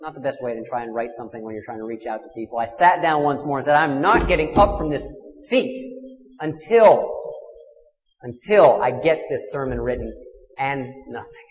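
A man in his thirties, a minister, telling a personal story in a sermon, swinging from fierce loud passages to hushed ones. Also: medium pitch. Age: 30s. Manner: intimate confessional storytelling with dramatic swells and hushed drops. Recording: long hall reverb.

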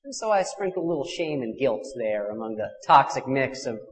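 A man in his thirties, a minister, telling a personal story in a sermon, swinging from fierce loud passages to hushed ones. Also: mid-range voice, very animated, fairly quick. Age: 30s. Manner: intimate confessional storytelling with dramatic swells and hushed drops. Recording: long hall reverb.

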